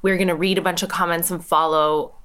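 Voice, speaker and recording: A Canadian woman in her forties chats easily on the radio, poking fun at herself. Her voice sits a touch low. She tells her stories in a loose, unhurried way. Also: fairly even intonation, fairly bright tone, clean tone. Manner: chatty, self-mocking. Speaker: guest comedian. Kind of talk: casual radio chat.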